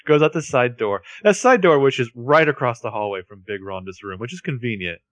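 A man's voice: medium pitch, animated, brisk, fairly bright tone, no echo. A man co-hosting a podcast, narrating TV scenes in casual, swearing chat. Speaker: podcast co-host.

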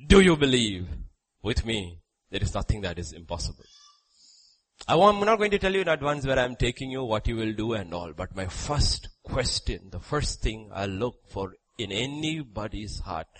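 An older man preaching a sermon as a grandfather and pastor, repeating short questions and commands, dropping to near-whispers and then rising to loud exhortation. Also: fairly low pitch, big pitch swings, moderate pace, poor audio.

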